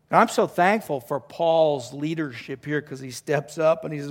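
A middle-aged man, a pastor preaching a conversational, enthusiastic sermon with restarts and throat-clearing. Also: a little high, normal speed, few pauses.

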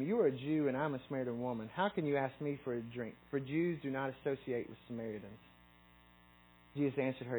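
A man's voice: medium pitch, mellow, a little hiss or hum, rough recording. A middle-aged man giving a conversational sermon, often restarting his sentences and reading scripture aloud. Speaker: preacher.

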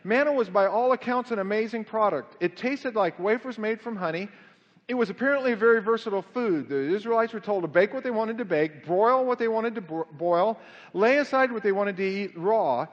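A man preaching a sermon in an animated way, swinging his pitch up and down to act out quotes. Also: fairly quick. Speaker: pastor. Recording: dull lo-fi sound with long hall reverb.

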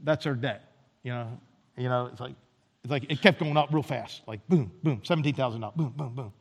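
A man's voice: mid-range voice, brisk, gravelly. A man pastor preaching a sermon with an emphatic, repetitive cadence, in a church sanctuary. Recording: reverberant church hall.

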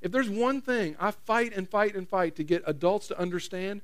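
Middle-aged pastor, high voice, chatty sermon style, talks straight to the pews. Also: male voice, moderate pace. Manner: conversational, repeats phrases, questions the audience. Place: church.

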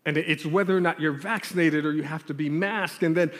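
Guy preaching, tells his story all animated, slightly high voice, long reverb like a big hall. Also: quick pace. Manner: animated storyteller acting out his childhood scenes. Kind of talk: storytelling sermon with prayer.

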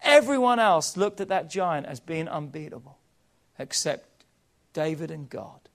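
A male pastor preaching a sermon in a high voice for a man. He builds to loud, emphatic peaks and then drops to hushed, low endings, calling on the congregation to answer him along the way. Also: lively intonation, unhurried. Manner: impassioned, calls for congregation response.

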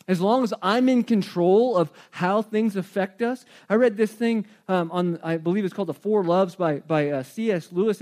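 High-voiced man preaching a sermon. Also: a little mellow. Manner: conversational, joking preaching. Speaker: pastor.

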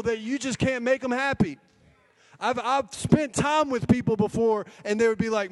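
Male pastor, fairly high voice, sermon delivery, climbs to forceful exhortations. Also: normal speed. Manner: exhorting, rising to emphatic peaks.

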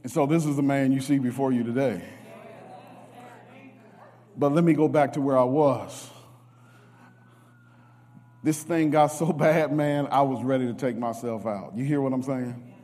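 A man's voice: mid-range voice, fairly even intonation, unhurried, long pauses. Emotional preacher man in a hall. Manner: emotional, shifts from hushed to shouting. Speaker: guest preacher. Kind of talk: sermon with testimony. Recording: reverberant church hall.

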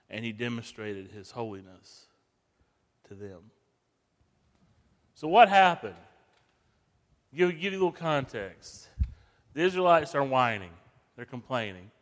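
A man preaching a sermon, swinging from hushed, slow passages to loud, emphatic bursts. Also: mid-range voice. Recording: long reverb of a large hall.

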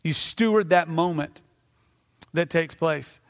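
Middle-aged male pastor, high voice, lively storytelling sermon, long hall reverb. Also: slow. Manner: animated storytelling, acting out scenes. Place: church sanctuary. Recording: reverberant church sanctuary.

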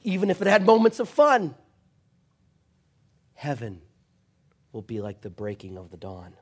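A man preaching a sermon, swinging from passionate, shouted refrains down to a soft, intimate storytelling voice. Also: medium pitch, lively intonation, unhurried, pauses often, slightly rough. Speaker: pastor.

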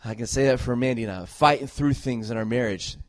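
A middle-aged man preaching a sermon as a pastor, earnest and emphatic, repeating phrases and moving between loud exhortation and soft, tender talk. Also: medium pitch, fairly quick, no echo, clean studio sound.

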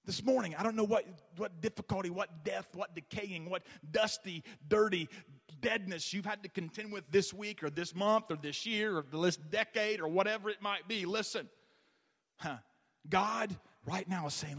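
A pastor preaching a sermon in a church, with a passionate, repetitive preaching cadence. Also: male voice, high voice, moderate pace, fairly bright tone, husky. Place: church sanctuary. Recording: long reverb of a large hall.

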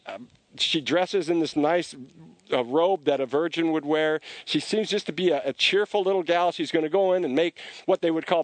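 Male preacher, chatty sermon delivery, animated with restarts, dry recording. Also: a little high, no echo. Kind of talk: conversational sermon storytelling.

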